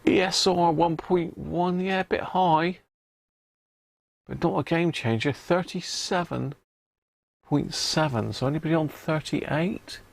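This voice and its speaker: Jovial man with a gravelly voice. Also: on the high side, measured pace, dry recording. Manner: jovial, laughing banter with chat. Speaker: live-stream host restoring a vintage radio. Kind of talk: casual live-stream chat with viewers.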